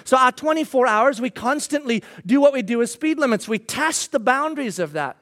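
A man in his thirties, a pastor, preaching a sermon and telling a lively personal story, acting out his own lines. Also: extremely high pitch, fairly quick.

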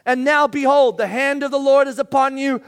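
A man acting out a fiery male apostle who rebukes a sorcerer in a booming, denouncing voice. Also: fairly even intonation, moderate pace. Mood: thundering.

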